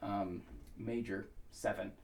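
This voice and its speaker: An American man giving a relaxed spoken pronunciation tutorial. He talks thoughtfully, with many pauses and fillers, and now and then sings short syllables to demonstrate. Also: fairly low pitch, recorded from a distance. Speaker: pronunciation instructor.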